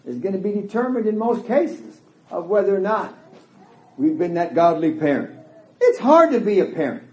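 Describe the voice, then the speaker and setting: A middle-aged man preaching a sermon in a church hall, emphatic and folksy, voicing quoted dialogue as he goes. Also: high voice. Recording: echoey hall.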